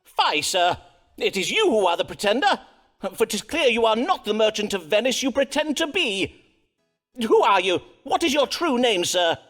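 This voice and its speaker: A dramatic Elizabethan astrologer. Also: male voice, high voice, big pitch swings, moderate pace, faint music behind. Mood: indignant. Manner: archaic, theatrical speech.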